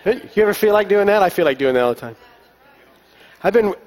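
Male pastor, fairly high voice, loose rambling sermon with ums and restarts, long hall reverb. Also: fast, some chatter behind. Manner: relaxed storytelling with many fillers and restarts. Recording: long echo of a large hall.

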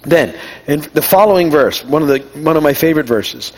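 A middle-aged pastor's fairly high, expressive voice moves a little fast through an informal sermon. Conversational and self-deprecating, he recounts personal stories and acts out the dialogue.

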